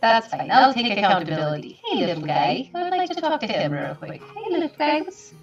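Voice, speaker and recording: A woman's voice: fairly high pitch, sing-song, a little fast, soft background music. A woman playing a tabletop game, chatty and eager in a kind way. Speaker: player. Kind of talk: tabletop game role-play. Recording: roomy, distant, dull sound.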